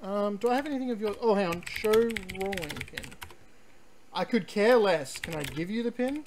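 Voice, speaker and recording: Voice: mid-range voice, normal speed, background noise. A game streamer giving rambling, chatty let's-play commentary, full of ums and restarts, sometimes reading on-screen text aloud.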